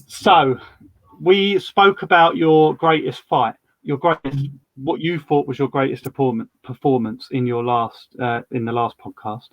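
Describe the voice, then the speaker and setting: A man's voice: mid-range voice, measured pace, highs cut off. A man hosting a podcast, chatting casually and telling stories full of quoted dialogue. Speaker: podcast host.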